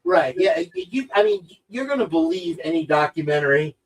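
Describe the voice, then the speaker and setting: Higher-voiced man rambling on a podcast. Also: lively intonation, normal speed, husky, poor audio. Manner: rambling, jokey, distracted while fiddling with gear. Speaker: podcast co-host. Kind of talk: casual chat.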